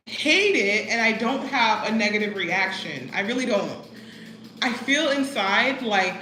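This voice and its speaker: A woman's voice: on the high side, sharp tone, echoey room, poor audio. A woman vlogging in a casual, chatty way, full of "like" and "you know what I mean," talking about life as an expat. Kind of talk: casual chat. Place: living abroad as an expat.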